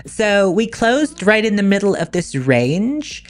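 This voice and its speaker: A man talking through a voice changer set to a high pitch, chatting in a relaxed way as a stream host. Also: takes it slowly, exaggerated voice. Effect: voice changer raising his voice.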